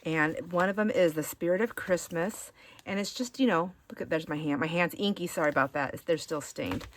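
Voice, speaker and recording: A woman's voice: fairly low pitch, brisk, slight background noise. A woman hosting a casual show-and-share of thrift finds, chatty and rambling, easily sidetracked. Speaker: craft channel host.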